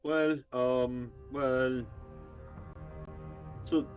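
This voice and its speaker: A man's voice: mid-range voice, steady tone, drawn-out words, a little mellow, soft background music. A man playing a tabletop game in a wry, playful way. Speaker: player. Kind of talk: casual tabletop play. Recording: dull lo-fi sound.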